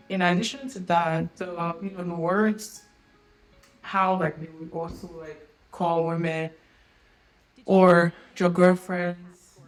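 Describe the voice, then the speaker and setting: A woman's voice: fairly low pitch, rough recording. A young woman telling personal stories in casual conversation as a podcast guest, laughing often and using many fillers. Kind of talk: casual storytelling.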